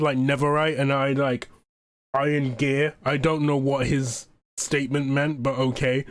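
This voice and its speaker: A young man telling a gaming story to his channel in a rambling way, swearing and stumbling over his words. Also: fairly high pitch. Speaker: YouTuber. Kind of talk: casual storytime narration. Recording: background music under voice-over.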